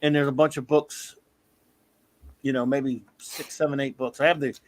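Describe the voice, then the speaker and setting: A man in his fifties hosting a casual comics talk stream, an animated storyteller who often breaks into laughter. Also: mid-range voice, moderate pace, no echo. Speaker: comics podcast host. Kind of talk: casual live-stream chat.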